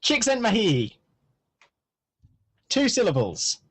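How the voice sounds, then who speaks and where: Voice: medium pitch, wildly swooping pitch, slow, fairly bright tone, breathy edge. A podcast co-host in casual chat, wry and teasing, laughing often.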